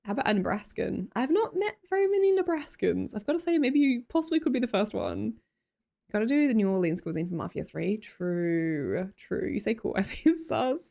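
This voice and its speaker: A woman's voice: medium pitch, very animated, fairly quick, vocal fry, mellow. A young Australian woman chatting casually on a live stream, greeting chatters and laughing often. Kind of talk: casual live-stream chat, reading chat aloud.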